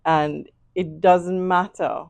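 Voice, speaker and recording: A Jamaican woman being interviewed as an author, speaking in a measured, reflective way. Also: fairly low pitch, fairly even intonation, gravelly, no echo. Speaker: author guest. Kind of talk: interview conversation.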